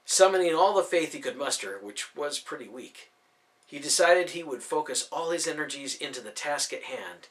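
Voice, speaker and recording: Expressive man narrating a story. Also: fairly high pitch, moderate pace. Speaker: audiobook narrator. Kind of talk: scripted narration.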